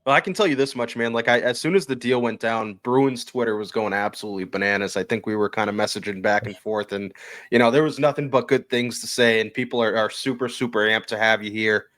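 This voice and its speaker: A man's voice: fairly low pitch, fairly even intonation, quick pace, fairly bright tone. A man hosting a hockey podcast, asking chatty questions full of fillers. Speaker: podcast host. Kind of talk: casual podcast interview.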